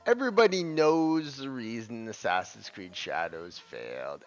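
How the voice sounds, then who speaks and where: Foul-mouthed ranting man, lively pitch. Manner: profane, scornful, heated. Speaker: gaming commentator. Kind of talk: ranting video commentary. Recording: dull lo-fi audio with faint music.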